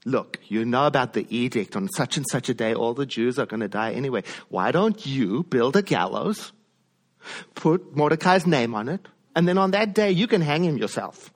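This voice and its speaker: A man's voice: mid-range voice, lively intonation, moderate pace. A man voicing the scheming wife of a royal official, talking in a coaxing, offhand way.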